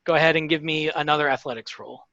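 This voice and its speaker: A man narrating a tabletop game as game master, halting and full of fillers. His voice is bright and tense, a bit higher than most. The recording is dry and slightly dull. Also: steady tone, dry recording.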